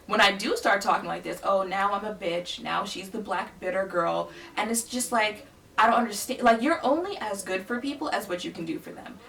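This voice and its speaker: A woman's voice: medium pitch, vocal fry, a bit bright, recorded from a distance, a little hiss or hum. A young woman vlogger telling a story in a blunt, emphatic, sassy way. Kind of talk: casual storytelling.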